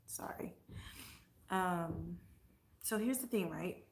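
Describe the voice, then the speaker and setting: A woman's voice: on the low side, slow pace, reverberant. A woman vlogger chatting casually and answering comments, blunt and profane, getting heated as she talks.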